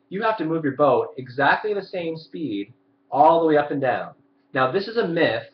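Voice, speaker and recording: A man's voice: a little high, a little hiss or hum. Man teaching violin over a roomy webcam. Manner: explains and demonstrates, asks viewers questions. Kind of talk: live webcam lesson. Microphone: webcam mic. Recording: roomy, dull webcam audio.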